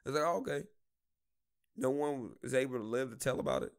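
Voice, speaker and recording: A man's voice: medium pitch, clean tone. A man co-hosting a podcast, talking casually and animatedly in slang about a movie. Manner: animated, slangy, quick bursts. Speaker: podcast co-host. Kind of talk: casual chat.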